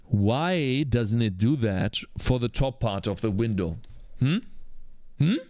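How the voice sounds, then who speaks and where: A man's voice: medium pitch, expressive, slow, mellow, no room sound. A young man coding a game while talking to himself, muttering through problems and breaking into frustrated, swearing outbursts. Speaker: indie game developer. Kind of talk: live coding commentary.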